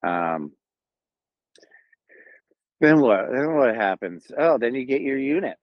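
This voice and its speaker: A man's voice: mid-range voice, sing-song, slow, no echo. A man from Southern California with a Southern Californian accent, casually telling his own story in a rambling, laid-back way with lots of fillers and restarts. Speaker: Marine Corps veteran telling his story. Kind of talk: casual first-person storytelling. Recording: dull lo-fi, dry sound.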